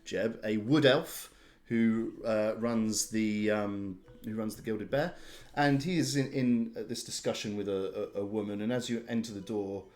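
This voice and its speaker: A man running a tabletop game, narrating in a halting way with many restarts. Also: lowish voice, steady tone, a little mellow. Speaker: game master.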